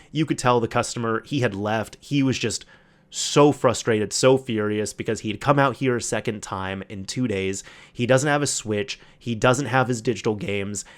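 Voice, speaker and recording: A man hosting a solo podcast, telling a long anecdote in a casual, animated way, acting out the other people's lines and often restarting his sentences. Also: mid-range voice. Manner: animated retelling with quoted voices, frequent restarts. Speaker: podcast host.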